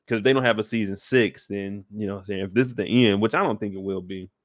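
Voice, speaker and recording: A man's voice: on the low side, fast, dry recording, studio quality. A man hosting a casual live recap of a TV episode, talking in a laid-back, slangy way with joking asides. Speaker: show recap host.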